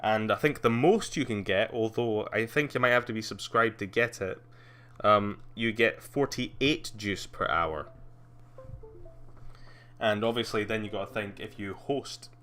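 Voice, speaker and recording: A man's voice: lowish voice, normal speed, fairly bright tone. A young man streaming live, rambling casually with lots of fillers and frequent laughs.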